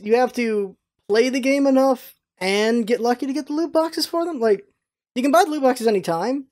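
A podcast co-host in casual chat, opinionated and quick, repeating points for emphasis. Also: mid-range voice, darkish tone.

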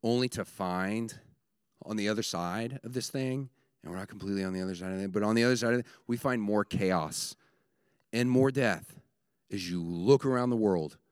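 A man's voice: fairly low pitch, normal speed, smooth, no echo, studio quality. A man preaching a sermon, emphatic, building his points in repeated short phrases. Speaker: pastor.

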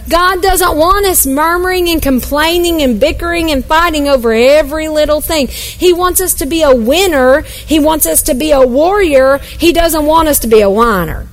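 A woman's voice: high voice, normal speed, few pauses, poor audio. A woman pastor preaching a sermon at a church service, emphatic and playful, sometimes acting out grumbling voices.

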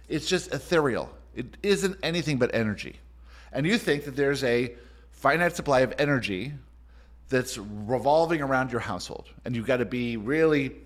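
A man hosting a call as a spiritual teacher, giving a motivational talk in an emphatic, sweeping way that speeds up and slows down. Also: medium pitch, fairly bright tone.

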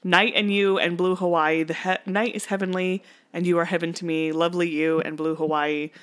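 A young woman co-hosting a casual movie podcast, chatty and quick to laugh. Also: lowish voice, little pitch movement. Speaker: podcast co-host.

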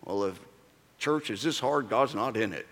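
A pastor voicing a doubting country man in a mock rural twang, with a slow, mocking drawl, echoing in a large hall. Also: on the low side, fairly bright tone, voice pushed down. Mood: complaining. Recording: long reverb of a large hall.

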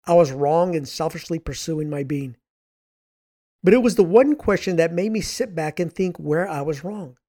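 A hoarse man with a raspy voice, hosting a podcast in an earnest, emphatic scripted motivational monologue. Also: fairly high pitch, normal speed, dark tone. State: hoarse from much speaking. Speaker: podcast host and author.

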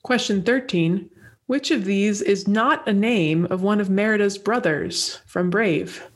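A woman's voice: medium pitch, unhurried. Chatty, enthusiastic woman at a trivia quiz. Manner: chatty, warmly enthusiastic, playful. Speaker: podcast co-host, quiz contestant. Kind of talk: casual chat, trivia quiz.

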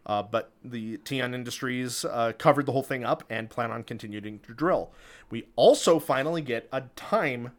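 On a relaxed podcast, a male co-host discusses a movie and a tabletop monster at normal speed in a mid-range voice. He rambles along with plenty of fillers and restarts, laughing often.

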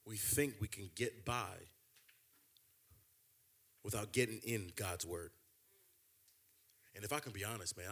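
Husky guy preaching, chatty, keeps repeating himself, gets loud n fired up. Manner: impassioned, builds to loud high emphatic climaxes; conversational, repeats and restarts phrases. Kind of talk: sermon.

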